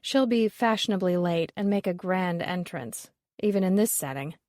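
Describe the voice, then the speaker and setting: A woman's voice: fairly low pitch, lively intonation, normal speed, darkish tone, no room sound, lightly acted. A woman reading the lines of a blunt, dismissive middle-aged woman appraiser in an audiobook, with a dry, offhand delivery.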